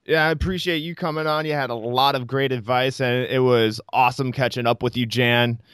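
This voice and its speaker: An easygoing man hosting a podcast, chatting casually with a friend. His voice is smooth and resonant, set at a mid pitch, recorded dry and close with no room sound. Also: a little fast, no room sound. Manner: easygoing, relaxed. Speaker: podcast host.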